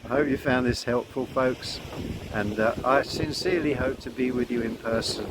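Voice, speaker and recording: Gentle man giving an outdoor spiritual talk. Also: mid-range voice, fairly even intonation, normal speed, very noisy. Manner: gentle, repeats mantras, laughs softly. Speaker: spiritual teacher.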